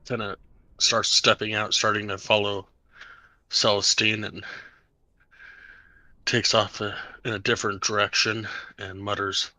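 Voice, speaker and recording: A man narrating as game master of a tabletop game, unhurried and halting with many fillers. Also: lowish voice, level tone, sharp tone, no room sound.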